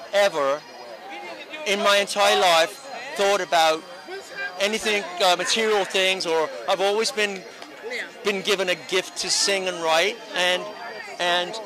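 High older male honoree, earnest rambling answers, crowd noise behind. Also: rough recording. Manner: rambling, earnest, many restarts. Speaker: interviewee, honoree. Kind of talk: red carpet interview. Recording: busy crowd around outdoor event.

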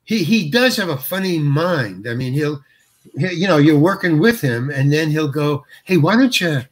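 A man's voice: on the high side, expressive, normal speed. An older man, an actor guest, tells stories in an interview. He stops and restarts often and chuckles as he goes. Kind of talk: anecdotal interview storytelling.

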